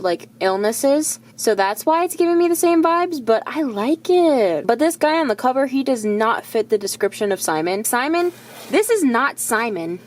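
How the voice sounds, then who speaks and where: A young woman chatting candidly about her reading in a casual vlog, blunt and animated, sometimes dropping to soft asides. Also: a little high. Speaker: book vlogger.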